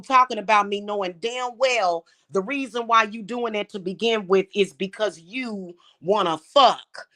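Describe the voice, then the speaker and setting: A woman's voice: mid-range voice, a bit bright. A woman delivering an angry, profane, confrontational monologue to the camera, mocking and scolding someone. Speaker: vlogger.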